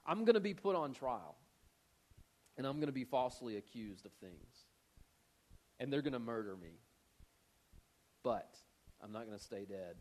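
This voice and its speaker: A man voicing a calm, firm male teacher who speaks in casual everyday phrasing during a sermon retelling. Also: medium pitch, moderate pace, long pauses, voice pushed down, lightly acted. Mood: earnest.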